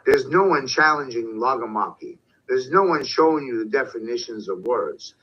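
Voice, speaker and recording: A husky, expressive mid-range voice at a moderate pace belongs to an online commentator delivering a confrontational, profane rant. He shouts at points, and the sound quality is dull and lo-fi.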